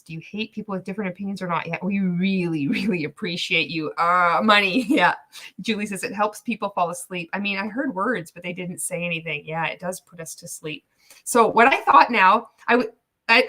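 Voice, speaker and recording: A woman's voice: on the low side, sharp tone. A woman hosting a casual livestream reaction, chatty and laughing often as she talks. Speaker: host.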